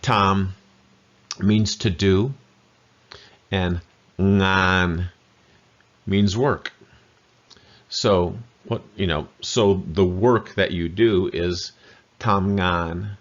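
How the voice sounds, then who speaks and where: A man with a fairly low voice talks through a pronunciation lesson at a slow, unhurried pace. He is patient and says the syllables over several times. The audio is muffled and lo-fi. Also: fairly even intonation. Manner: patient, repeats syllables slowly. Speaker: language teacher. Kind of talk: explaining pronunciation in a video lesson.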